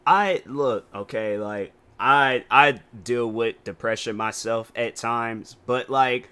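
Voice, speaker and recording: A man's voice: mid-range voice, slow, sharp tone, clear, resonant tone. A man streaming and reacting to a video, rambling and incredulous, full of fillers and restarts. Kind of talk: casual reaction stream commentary.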